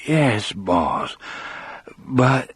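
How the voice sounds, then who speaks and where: A man voicing a gentle giant of a condemned prisoner, who talks in simple, halting words with a trembling voice. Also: medium pitch, big pitch swings, husky, no echo, pitched above the performer's own voice, full character voice. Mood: scared, trembling. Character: huge gentle condemned man, scared and tearful.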